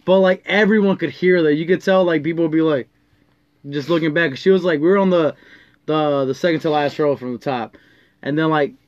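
A man's voice: a little high, a little fast, no echo. A man co-hosting a casual chat, telling stories in slang and swearing along the way. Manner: slangy storyteller, says "dog", swears. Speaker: podcast co-host. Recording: dull lo-fi dry sound.

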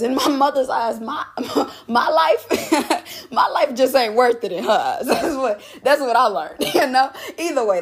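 A twentysomething woman hosts a podcast, telling a story in a loose, casual, profane monologue and laughing often. Her voice sits on the high side with a breathy edge.

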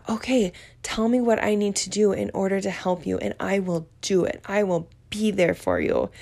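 Hosting her own podcast, a young woman talks with candor and emotion about her relationship and her mental health, laughing now and then. Her mid-range voice is creaky and a little mellow, and her telling is open and vivid.

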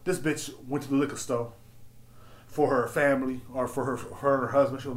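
Profane, animated man ranting, echoey room. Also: mid-range voice, brisk, a little hiss or hum. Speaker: podcast host. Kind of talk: casual storytelling rant. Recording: roomy echo.

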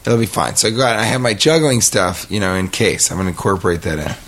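A deep-voiced, fast-talking middle-aged man hosts a podcast, telling a rambling, funny story. He's animated and dramatizes the quoted bits along the way.

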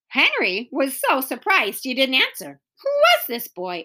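A woman reads a children's story aloud in a bright, fairly high voice. Her delivery is animated, rising and falling through each sentence to keep young listeners engaged. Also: normal speed, few pauses. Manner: expressive storybook reading. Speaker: narrator. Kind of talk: reading a children's book aloud.

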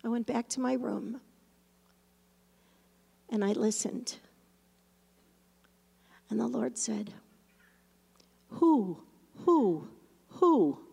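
A woman pastor telling a story in a sermon, animated at times and hushed and reflective at others. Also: a little high, takes it slowly, vocal fry, pauses often, breathy edge, big-room sound.

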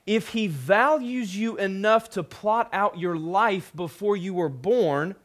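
A young male pastor giving a sermon in a loose, conversational way, full of fillers and quick asides. His voice sits a little high for a man. His delivery is lively. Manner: conversational, animated storytelling with frequent fillers.

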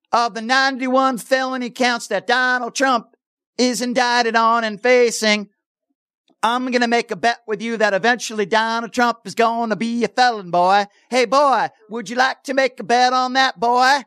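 A radio host putting on a mocking voice to badger a caller, repeating taunts. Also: male voice, very high voice, steady tone, unhurried, pushed and bright, clear, resonant tone, no room sound, clean studio sound, voice pushed up, heavily acted. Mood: taunting.

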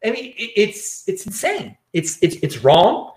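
A man's voice: sits high, wildly swooping pitch, measured pace, darkish tone. Ranting man host in an echoey room. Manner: ranting, repeats words and restarts. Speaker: show host. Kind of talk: casual political commentary.

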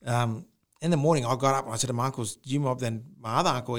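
A man's voice: mid-range voice, fast talker. A man telling a personal ghost story in casual chat, acting out the sounds he heard. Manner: animated storyteller, mimics the noise with rising howls. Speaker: podcast co-host.

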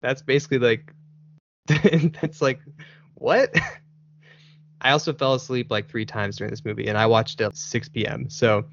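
A man's voice: medium pitch, level tone, normal speed, a bit bright, dull audio. A man hosting a casual podcast chat, rambling and laughing often. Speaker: podcast host.

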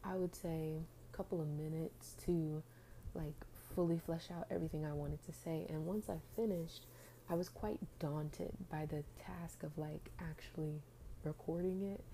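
A woman's voice: sits low, steady tone, measured pace, mellow, slight background noise, low-quality recording. A young woman hosting her own faith podcast, sounding groggy after just getting up and chatting in a rambling, casual way with fillers and restarts. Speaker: podcast host.

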